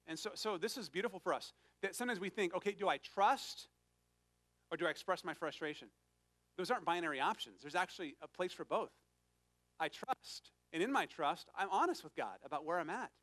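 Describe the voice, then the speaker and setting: A man's voice: sits high, fairly bright tone, dry recording. A man preaching a sermon to his congregation, earnest and conversational, reading scripture with emphasis. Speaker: pastor.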